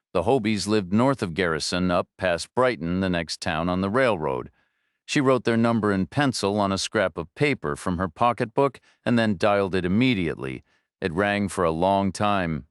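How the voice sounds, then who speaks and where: A man narrating a thriller audiobook in measured, steady storytelling, recorded on a studio microphone. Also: deep voice, smooth, dry recording. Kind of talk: scripted narration.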